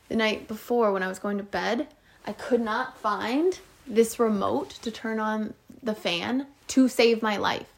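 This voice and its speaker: A young woman co-hosting a casual podcast chat, telling a story with plenty of animation and a steady stream of "like"s. Her pitch sits right in the middle for a woman. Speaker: podcast co-host.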